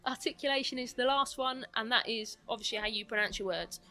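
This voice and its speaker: Fast-talking woman with a London twang. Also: a little high, faint music behind. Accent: mixed British, London twang. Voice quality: slight lisp. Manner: talks quickly, animated. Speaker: guest coach mentor. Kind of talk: podcast conversation.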